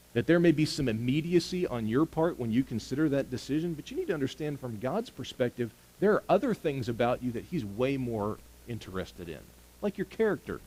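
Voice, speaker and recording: Animated male preacher with a lively voice. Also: medium pitch, poor audio. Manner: animated storytelling, moving between loud and hushed. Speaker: pastor. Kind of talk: sermon.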